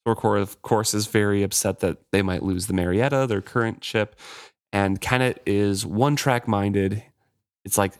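Low-voiced man discussing a book. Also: fairly even intonation, moderate pace, clean tone. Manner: retells the story loosely with fillers like "like". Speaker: podcast co-host. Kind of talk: casual book discussion and reading.

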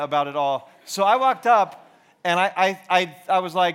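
A man's voice: high voice, fairly quick, fairly bright tone, clear, resonant tone. A man in his forties from Georgia giving a casual, rambling sermon to a youth group, full of self-deprecating stories, fillers and restarts. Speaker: youth ministry speaker.

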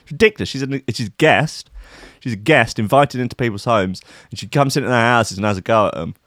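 A man's voice: medium pitch, fairly quick, a bit bright, no room sound, studio quality. A man, hosting a comedic podcast in a sweary, rambling, sardonic monologue. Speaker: podcast host.

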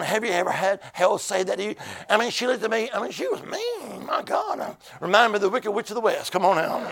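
A man preaching as an evangelist in a church, shouting in rhythmic bursts and breaking into tongues. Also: high-pitched, sing-song, quick pace, gravelly, few pauses. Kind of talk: sermon. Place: church with a keyboard player.

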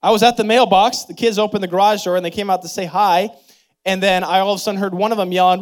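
A man in his thirties preaching a sermon as pastor, leading prayer and telling stories in an animated, expressive way. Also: a little fast. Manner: animated storytelling with big pitch swings and laughter; leads congregation in prayer and call-and-response.

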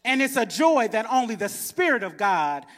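A man preaching a sermon in a church, swinging between shouted exhortation and soft chuckling asides. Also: high voice, very animated, moderate pace. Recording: reverberant church hall.

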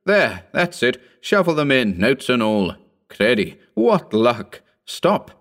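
A man voicing a boisterous old French ex-soldier with a hoarse voice and an effusive, exclaiming manner. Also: mid-range voice, very animated, slow, fairly bright tone, pitched above the performer's own voice, exaggerated voice. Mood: fussing.

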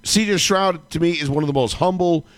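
A man co-hosting a sports podcast, chatting excitably and emphatically, with some swearing. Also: a little high, fairly quick. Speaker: podcast co-host. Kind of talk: casual sports chat.

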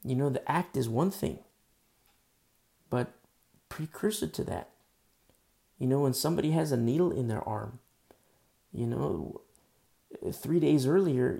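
A man's voice: medium pitch, gravelly, dark tone. A man preaching a conversational sermon in a casual, earnest way, full of fillers. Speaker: pastor.

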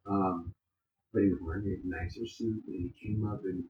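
A man's voice: sits low, fairly even intonation, moderate pace. Guy rambling through a story, swears a lot, muffled roomy audio. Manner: rambling, filler-heavy, swearing. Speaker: podcast co-host. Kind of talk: casual storytelling chat. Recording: muffled, echoey room with faint hum.

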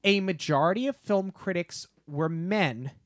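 Male podcast co-host, unhurried and deliberate, close dry mic, amused storyteller. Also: high voice, dry recording. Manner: slow, deliberate build-ups with playful disbelief. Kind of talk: casual podcast chat. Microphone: podcast microphone.

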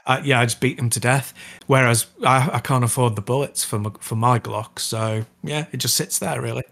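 A man with an ordinary mid-range voice co-hosts a casual gaming podcast. He talks in a relaxed, easygoing way and laughs often. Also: mid-range voice, fairly quick, creaky. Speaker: podcast co-host.

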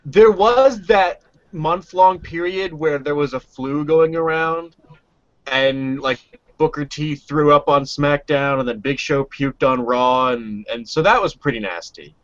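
A man's voice: on the high side, a little slow. A man co-hosting a casual wrestling chat, rambling and swearing freely. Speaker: podcast co-host. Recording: dull lo-fi audio.

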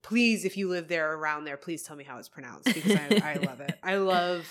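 A woman's voice: low voice, fairly quick. A woman co-hosting a casual chat while tasting whiskey, talking through facts with chatty asides. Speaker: podcast co-host.

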